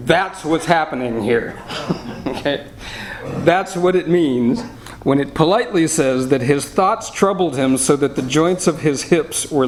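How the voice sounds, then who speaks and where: A man's voice: mid-range voice, a little mellow. A man teaching a Bible study in a jovial, anecdotal way, reading and explaining verses. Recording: roomy room echo, faint noise.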